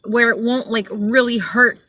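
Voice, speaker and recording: A woman from Georgia, a rideshare driver, telling a story in a rambling, animated way, full of fillers. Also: on the high side, measured pace, dry recording, lo-fi sound. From United States (Georgia). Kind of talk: casual storytelling vlog. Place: inside a car.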